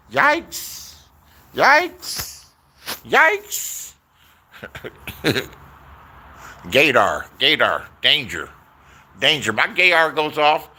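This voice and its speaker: A man's voice: a little high, bright, forceful tone. A man telling stories in a casual, rambling rant, swearing a lot and repeating his phrases.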